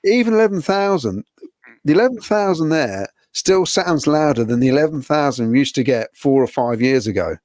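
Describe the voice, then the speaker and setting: A man's voice: on the high side, expressive, normal speed, a little mellow, dry recording, studio quality. Chatty male football podcast host. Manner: chatty, laughs often, reads listener comments. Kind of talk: casual fan podcast chat.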